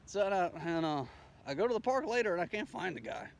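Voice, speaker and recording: Animated man telling a story. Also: sits high, quick pace, vocal fry. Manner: rambling, profane, animated quoting of dialogue. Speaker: storyteller recounting his day. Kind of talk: casual spoken story.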